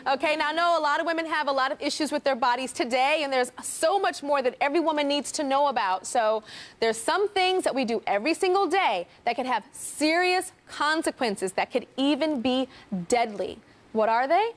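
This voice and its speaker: Bubbly high-voiced female talk show host. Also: animated, brisk. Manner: bubbly, jokey, laughs often. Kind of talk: daytime talk show hosting. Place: TV studio with audience.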